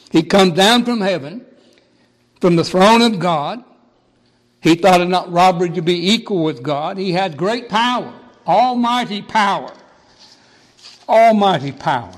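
A man's voice: on the high side, long reverb tail, rough recording. A man pastor preaching a sermon, stressing points with emphatic repetition.

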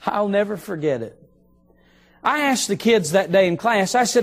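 High-voiced preacher telling a story. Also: male voice, expressive, soft background music. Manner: storytelling, slows for emphasis on key phrases. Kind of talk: sermon. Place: church sanctuary.

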